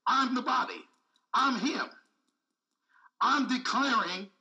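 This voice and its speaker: A man's voice: extremely high pitch, expressive, takes it slowly, long pauses, pushed and bright, distant mic, dull audio. A man preaching a sermon with speech, repeating phrases and calling out to the congregation. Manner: call-and-response preaching, repetitive, emphatic.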